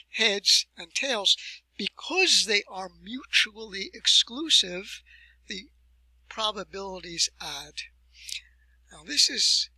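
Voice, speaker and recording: Man, university lecture, husky tone, dry close sound, deliberate emphasis. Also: high voice, bright, forceful tone, no room sound, low-quality recording. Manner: deliberate, emphatic explanations with rhetorical questions.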